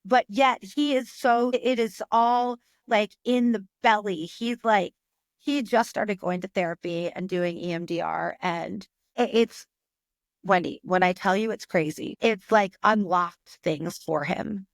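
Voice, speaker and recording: A woman's voice: mid-range voice, a little slow, no echo, studio quality. A woman hosting a podcast, speaking casually and emotionally as she tells a personal story, with frequent "like" fillers. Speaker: podcast host. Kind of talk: casual conversation.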